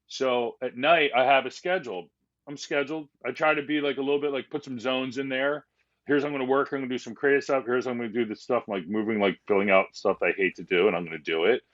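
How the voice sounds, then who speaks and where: A man of middle pitch talks openly and loosely as a podcast guest, circling back with fillers and restarts. His voice comes through slightly dull and lo-fi. He sounds unscripted and conversational. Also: fairly even intonation, quick pace, fairly bright tone. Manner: candid, rambling, with many restarts and fillers. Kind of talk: casual conversation.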